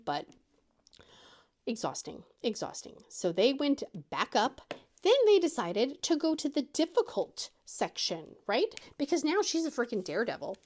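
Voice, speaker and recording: A middle-aged woman with a slightly mellow voice hosts a craft channel and chats casually as she tells a story. Whenever she quotes someone, she switches to a squeaky high voice.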